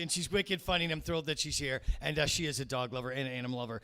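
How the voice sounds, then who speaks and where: A man's voice: medium pitch, rapid-fire, bright, forceful tone. A man in his thirties hosting a comedy show, telling a rambling, profane story with lots of fillers into a stage mic. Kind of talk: stand-up emcee banter.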